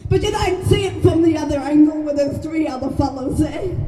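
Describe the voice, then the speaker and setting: Australian mother, very high mellow voice, shouted rally speech, echoey and off-mic with a crowd behind. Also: brisk, far from the mic, soft background music. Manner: shouted, raw and emotional, swears freely. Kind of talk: impassioned public speech.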